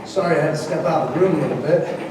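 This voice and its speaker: A man's voice: fairly high pitch, very fast. A man making an impassioned, defiant public comment at a meeting. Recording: echoey hall from far off, noisy.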